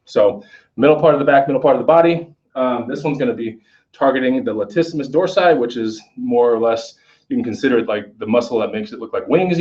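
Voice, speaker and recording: A man's voice: mid-range voice, a little mellow. Man coaching from afar in echoey gym. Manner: conversational, checks in with "okay?" often. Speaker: fitness instructor. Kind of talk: casual workout demonstration. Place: gym, indoors. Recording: echoey gym from far off, dull.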